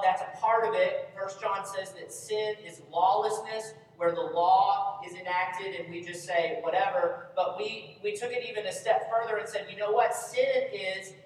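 A Bible study teacher leading an interactive lesson, constantly quizzing the group with questions. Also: mid-range voice. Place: large echoey meeting room. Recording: very echoey hall, speaker far from mic.

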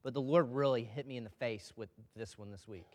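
A man's voice: medium pitch, brisk. Conversational man preaching a sermon. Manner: conversational, asks the congregation questions.

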